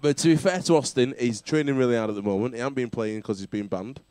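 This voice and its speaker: A man's voice: medium pitch, fast, darkish tone, clear, resonant tone, dry recording. A man hosting a casual rugby chat show, bantering and laughing often. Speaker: talk show host.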